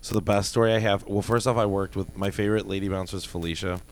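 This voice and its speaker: Animated storytelling man, profane. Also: low voice, fast talker. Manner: animated, profane, acts out quotes with loud jumps. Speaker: former bouncer telling stories. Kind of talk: casual storytelling chat.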